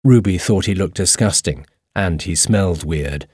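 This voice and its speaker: A man narrating a storybook in a steady, even reading voice. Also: low voice, normal speed, slightly rough, dry recording, studio quality.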